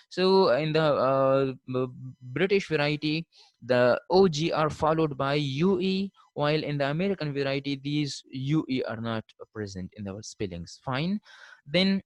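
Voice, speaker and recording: A man giving a classroom lecture on spelling, pausing with "uh" and repeating "fine" as he spells out letters. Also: fairly high pitch, dry recording, rough recording. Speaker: linguistics lecturer.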